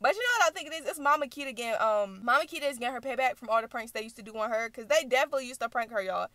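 A young woman hosting a reaction channel, recapping a video in animated, chatty storytelling. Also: fairly high pitch, racing, no room sound. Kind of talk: casual recap vlog.

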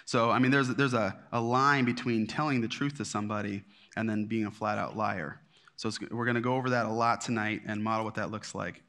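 A man's voice: on the low side, flat delivery, brisk, a bit bright. A middle-aged man teaching a marriage class at church in a conversational, self-deprecating way, with many fillers and restarts. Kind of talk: casual teaching talk.

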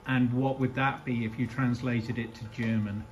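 A man's voice: medium pitch, flat delivery, normal speed, a little hiss or hum. Man casually quizzing a robot. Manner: friendly, direct requests. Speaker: interviewer testing a robot. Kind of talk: casual questioning.

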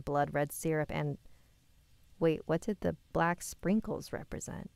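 A woman reading a listener's scary story aloud, with quick asides of her own. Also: deep voice, clear, resonant tone, no room sound.

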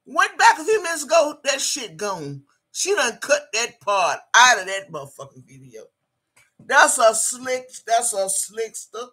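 Female streamer: tense, sharp voice with a raspy grain, combative and foul-mouthed, reading chat between jabs. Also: a little high, big pitch swings, unhurried. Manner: profane, combative, repetitive; reads out viewer chat. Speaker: livestream host. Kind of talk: angry livestream rant.

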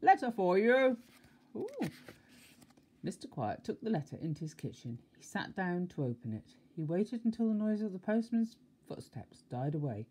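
A woman's voice: on the low side, a little fast, hardly any pauses, slightly rough. Older woman reading a bedtime story. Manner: expressive, with asides to the child. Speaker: grandmother reading aloud.

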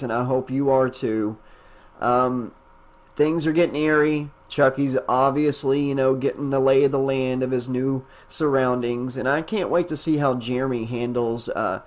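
An audiobook narrator reading a fan novel aloud, who then chats enthusiastically as the channel's host. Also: mid-range voice. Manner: enthusiastic, chatty, with fillers in the wrap-up.

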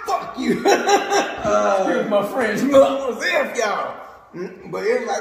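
A man in his thirties spins a casual story with lots of laughter, acting out the people in it. His voice sits high and swings widely. It is heard in a very echoey room with a long reverb. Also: unhurried, gravelly, a crowd in the background. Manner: animated, laughing a lot, acting out quotes.

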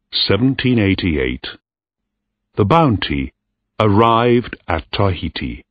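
A man slowly narrating a simple story for English learners, reading it clearly. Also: fairly low pitch, no echo. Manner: very slow, clear, lively intonation. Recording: dry tinny lo-fi recording.

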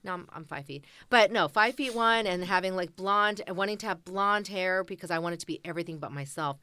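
A woman's voice: lowish voice, brisk, smooth, no echo. A woman in her fifties with an American accent, telling stories animatedly as a therapist guest. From United States. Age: 50s. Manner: animated storyteller acting out quotes. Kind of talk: conversational interview.

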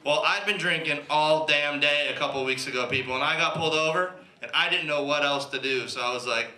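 A man performing a stand-up comedy set in a comedy club, telling animated stories and slipping into put-on voices. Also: on the high side, fairly quick. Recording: echoey club with crowd noise.

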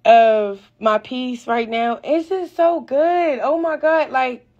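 A woman talking casually on a live stream, rambling and excitable, full of slang and losing her train of thought. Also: high-pitched, slow, lo-fi sound.

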